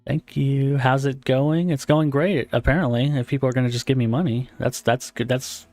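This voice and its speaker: A man's voice: medium pitch, fairly even intonation, normal speed, a little mellow, no room sound. A man streaming a game and reading it aloud, chatty and self-deprecating, laughing often.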